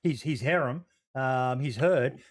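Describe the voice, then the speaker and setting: A man's voice: medium pitch, slow pace. A male podcast host, chatty. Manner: chatty, many ums, asks guests questions. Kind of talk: casual chat.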